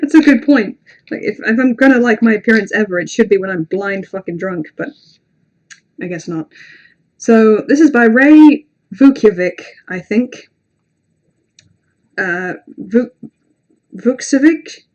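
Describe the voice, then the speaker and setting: A woman's voice: medium pitch, unhurried, pauses often, darkish tone, dull audio. Woman rambling to her stream chat, lots of ums, swears a bit, pokes fun at herself. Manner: rambling, self-deprecating, swears, many fillers. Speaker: livestream host. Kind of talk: casual livestream chat with viewers.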